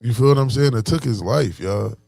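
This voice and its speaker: A man's voice: mid-range voice, a little fast, gravelly, darkish tone, no echo, clean studio sound. A man from Buffalo with a Buffalo accent giving a casual motivational talk, slangy and full of "you know what I'm saying.". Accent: Buffalo, New York. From Buffalo, New York. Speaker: vlogger.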